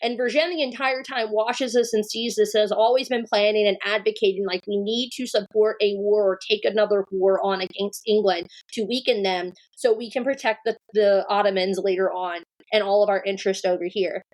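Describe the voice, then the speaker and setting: A woman co-hosting a podcast in casual discussion, rambling and animated, with lots of fillers. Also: medium pitch, fairly quick, few pauses. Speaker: podcast co-host.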